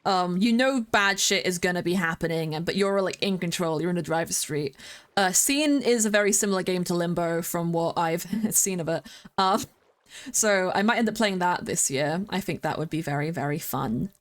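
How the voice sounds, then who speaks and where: Chatty young woman streamer, excitable. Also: on the low side, moderate pace. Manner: chatty, rambling, with many fillers and restarts; excitable, squeals greetings to viewers. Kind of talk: casual chat with stream viewers.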